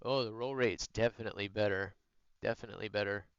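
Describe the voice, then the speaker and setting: A man's voice: on the low side, steady tone, fast, clean tone, no echo, highs cut off. A man streaming a game, chatting loosely with his viewers, teasing and joking. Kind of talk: casual chat while gaming.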